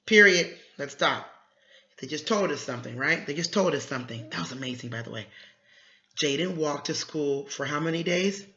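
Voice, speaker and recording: Encouraging homeschool parent, bright voice. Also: mid-range voice. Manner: encouraging, repeats phrases, quick praise. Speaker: homeschooling parent teaching a young child. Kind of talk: coaching a child through word problems. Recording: echoey room, slightly dull sound.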